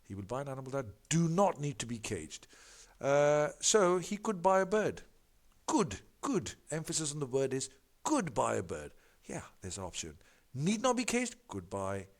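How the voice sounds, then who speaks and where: A man tutoring through practice questions, his pitch rising and falling a lot as he stresses key words. He stops to correct himself and repeats the same punchy answers. His voice sits at an ordinary middle pitch. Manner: animated, emphatic, repeats catchphrases like "big fat no". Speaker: exam tutor.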